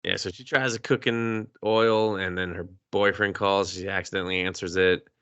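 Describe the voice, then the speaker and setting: Male podcast co-host, gravelly low voice, animated profane recapper. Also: moderate pace, no room sound, highs cut off. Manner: profane, animated retelling with put-on character voices. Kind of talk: casual movie review chat.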